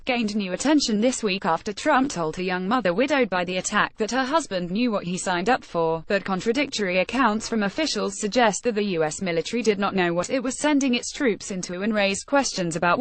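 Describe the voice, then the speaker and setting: A woman reading a news article aloud in an even, steady way. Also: medium pitch, dry recording. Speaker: news reader.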